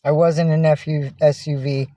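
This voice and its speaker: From inside a minivan, a woman streams casually, her deep, level voice moving at normal speed with no echo. One moment she's ranting angrily and profanely at viewers, the next she's baby-talking softly to her cats.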